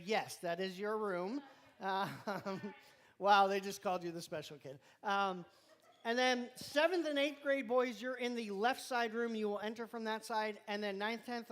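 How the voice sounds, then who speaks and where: A youth leader runs through the week's announcements in a loose, chatty way, cracking jokes at the kids in the room and chewing mid-sentence. The voice sits in an ordinary middle register. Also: medium pitch. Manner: chatty, rambling, joking, talks while chewing. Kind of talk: casual live-stream announcements to a youth group. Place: church youth room with students present.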